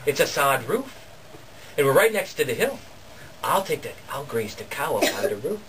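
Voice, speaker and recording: A man's voice: mid-range voice, big pitch swings, moderate pace, fairly bright tone, pitched below the performer's own voice. A man voicing a self-satisfied farmer husband who muses aloud over his clever plans. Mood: pleased scheming. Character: pleased-with-himself farmer husband, adult man. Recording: distant camera, noisy room.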